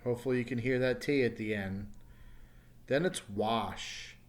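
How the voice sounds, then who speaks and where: A man teaching an English pronunciation lesson and saying his example words slowly and carefully. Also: medium pitch. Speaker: ESL teacher.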